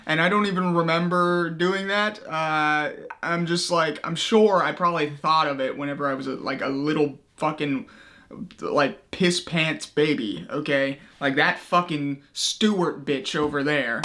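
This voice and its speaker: A man's voice: a little high, steady tone, measured pace, bright, forceful tone, soft background music. A young man hosting comedic video commentary, crude and mocking, profane, often laughing at his own jokes. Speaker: commentary YouTuber.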